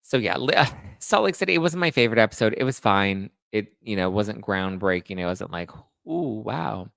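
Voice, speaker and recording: A man hosting a pop culture live stream, chatting casually with his viewers and tossing out sarcastic asides. His voice sits fairly low with a gravelly, fry-heavy edge. The sound is dry and close. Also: a little fast, fairly bright tone, no echo. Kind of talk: casual live-chat commentary.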